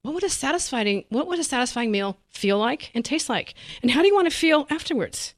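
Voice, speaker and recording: A woman dietitian being interviewed, speaking at a rapid clip and bursting into laughter as she acts out her patients' lines. Her voice sits at a middle pitch and is recorded close in a dry, dead room. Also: no room sound. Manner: animated, laughs often, acts out quotes. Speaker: dietitian guest. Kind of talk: conversational interview.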